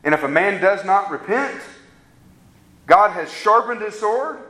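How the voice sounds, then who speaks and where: Pastor, male, slightly high voice, preaching with emphatic swells in a reverberant sanctuary. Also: animated, pushed and bright. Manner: preaching with rising emphatic peaks and slow, drawn-out stresses. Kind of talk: sermon.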